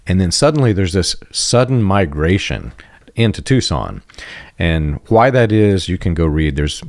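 A man co-hosting a podcast, speaking in a measured, guarded way, clearing his throat and laughing softly. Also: deep voice, lively intonation, no echo, studio quality. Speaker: podcast co-host. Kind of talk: casual podcast discussion.

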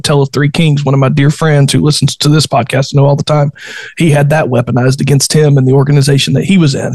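A man talking earnestly and haltingly as a podcast guest, often restarting his sentences. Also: medium pitch, darkish tone, dry recording. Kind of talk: casual podcast conversation.

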